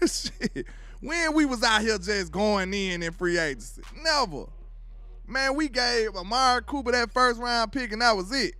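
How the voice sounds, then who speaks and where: A man hosting his own sports commentary show, ranting in an animated, slangy way and laughing as he goes. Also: extremely high pitch, unhurried, no room sound.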